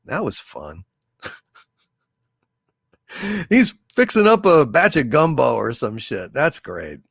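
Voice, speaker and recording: A man's voice: mid-range voice, big pitch swings, creaky, fairly bright tone, no echo, studio quality. A man hosting a casual livestream, reading out viewer messages and answering them in a blunt, profane way. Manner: blunt and profane, drawn-out emphatic delivery. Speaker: livestream host.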